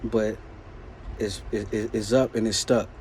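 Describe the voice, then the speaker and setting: A man vlogging, telling a story in a casual, animated, slang-filled way. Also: lowish voice, a little slow, a little hiss or hum. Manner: animated, slangy retelling of a work conflict.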